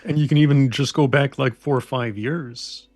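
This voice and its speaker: A man's voice: mid-range voice, normal speed, darkish tone, dry recording, soft background music. A man joining a casual political chat as co-host, speaking in a dismissive, matter-of-fact way.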